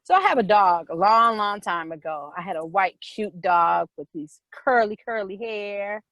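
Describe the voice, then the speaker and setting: A middle-aged woman casually telling a personal story, animated, with quick repetitive retelling. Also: medium pitch, dry recording, poor audio.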